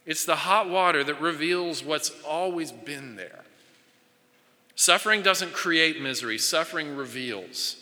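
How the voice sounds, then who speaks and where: A man preaches with an earnest, searching manner, circling back over his phrases as he builds a point. His voice is bright and ringing, a little higher than most men's. It rings out through a large hall with a long, trailing reverb. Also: lively intonation, a little slow. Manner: earnest preaching with frequent repetitions and restarts. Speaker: pastor. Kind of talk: sermon.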